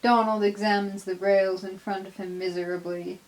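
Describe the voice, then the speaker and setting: A woman's voice: mid-range voice, little pitch movement, moderate pace, slight background noise, poor audio. A woman narrating her own fan fiction as a storybook reading.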